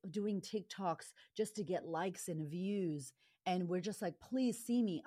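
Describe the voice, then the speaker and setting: Blunt, outspoken woman with a low voice. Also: darkish tone, no echo, studio quality. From Latina upbringing. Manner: blunt, swears freely, passionate. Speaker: guest, confidence coach and author. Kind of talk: candid interview talk.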